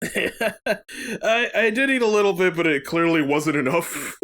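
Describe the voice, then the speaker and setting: Young guy, high bright voice, giggles while telling a story on a gaming let's play. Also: slow pace. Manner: giggly, animated, keeps laughing mid-sentence. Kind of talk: casual storytelling chat.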